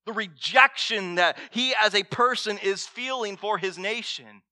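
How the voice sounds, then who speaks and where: A man preaching a sermon as pastor, swinging between loud emphasis and hushed words and asking the congregation direct questions. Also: sits high, unhurried, no room sound, studio quality.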